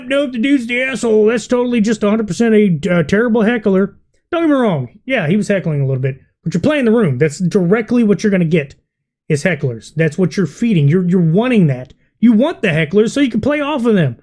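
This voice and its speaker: High-voiced man ranting bluntly. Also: a little mellow. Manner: blunt, exasperated, swearing freely. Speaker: vlogger reacting to a video. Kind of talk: ranting commentary.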